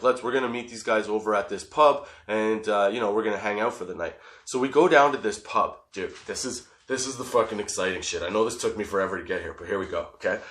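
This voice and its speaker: A man's voice: medium pitch, a bit bright. A man hosting a comedy podcast, telling a rambling, profane story and laughing at it as he goes. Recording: roomy echoey room.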